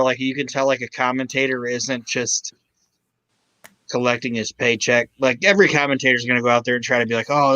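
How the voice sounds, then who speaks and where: A man co-hosting a casual podcast chat, excited and swearing freely as he talks. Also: medium pitch, no echo, muffled recording. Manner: excited, swears freely, quotes others in quick put-on voices. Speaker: podcast co-host.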